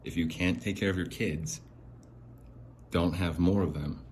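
A man hosting a podcast, ranting in exasperation, swearing and swinging between low mutters and sharp outbursts. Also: steady tone, unhurried, slight background noise. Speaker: podcast host. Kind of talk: angry ranting monologue. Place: home near a window.

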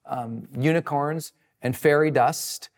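A man giving a motivational talk and answering audience questions, energetic and emphatic, swinging his pitch wide for emphasis. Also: slow, long reverb tail. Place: live session with friends present.

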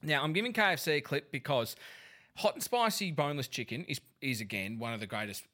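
A man's voice: medium pitch, lively intonation, fast talker, sharp tone. A man co-hosting a casual chat, speaking emphatically and with humor. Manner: emphatic, jokey. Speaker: podcast co-host.

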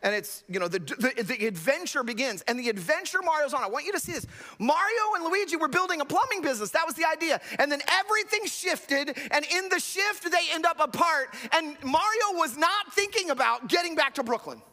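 Pastor guy preaching, really high bright voice, big swoopy delivery, long hall echo. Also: expressive, a little fast. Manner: earnest, emphatic storytelling. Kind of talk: sermon.

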